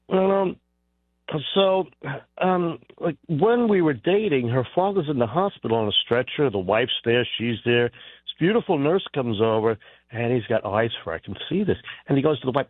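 A man calls in to a radio show and tells a long personal story in a chatty, lively way, laughing as he goes. He sounds thin and tinny, like he is heard over a phone line. His pitch is middling, and there is no room sound around him. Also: a little fast, no room sound. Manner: chatty storyteller, acts out voices in quotes, laughs often. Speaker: radio caller. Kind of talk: telling an anecdote on a call-in show.

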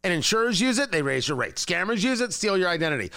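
A man's voice: high-pitched, very animated, fast talker, vocal fry, few pauses, sharp tone. A man hosting a political talk show, speaking emphatically and repeating phrases for stress. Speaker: radio talk show host. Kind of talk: opinionated political talk and read ad.

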